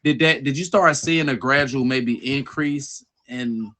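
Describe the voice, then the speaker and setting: A man's voice: medium pitch, a little slow, sharp tone. A man hosting a podcast, asking questions in loose, slangy casual talk with many restarts. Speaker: podcast host. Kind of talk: casual interview.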